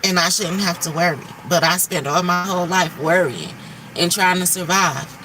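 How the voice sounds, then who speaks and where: Bright-voiced woman's candid livestream talk. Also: lowish voice, moderate pace, far from the mic, slight background noise. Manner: candid, emphatic, swears freely, spiritual talk. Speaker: livestream host.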